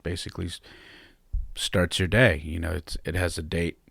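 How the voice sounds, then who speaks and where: Low-voiced man telling a heartfelt story. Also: fairly even intonation, normal speed, creaky, fairly bright tone, dry recording, clean studio sound. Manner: heartfelt, candid, reflective. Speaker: podcast host. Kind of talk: personal storytelling.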